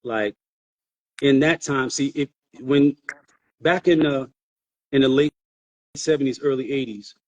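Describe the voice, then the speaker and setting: A man's voice: medium pitch, a little slow, long pauses, highs cut off. A middle-aged man, a father co-hosting a casual podcast, telling stories and repeating words as he thinks. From New York. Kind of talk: casual chat.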